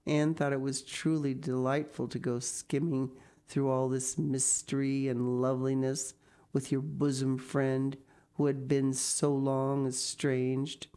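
A woman narrating an audiobook in a calm, measured, descriptive way. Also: a bass voice, clear, resonant tone.

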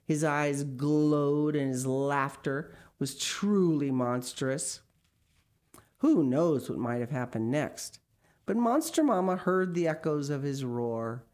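Woman, storybook reader, expressive, low voice, slow pace. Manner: lively, expressive read-aloud with asides. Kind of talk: reading a picture book aloud.

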